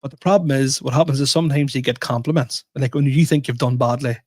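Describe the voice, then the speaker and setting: Guy on a podcast, animated self-mocking story, dry close mic. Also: mid-range voice, quick pace, dry recording. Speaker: podcast co-host. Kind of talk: casual storytelling chat.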